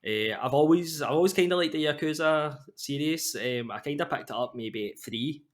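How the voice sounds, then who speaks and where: A man's voice: on the high side, normal speed. A man co-hosting a podcast, explaining things in an easygoing way with fillers. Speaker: podcast co-host. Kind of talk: casual chat.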